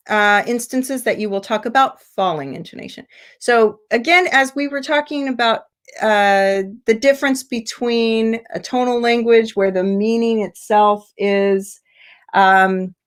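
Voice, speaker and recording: An American woman teaching English intonation in an online seminar, explaining step by step with many fillers and restarts. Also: medium pitch. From United States. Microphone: video call.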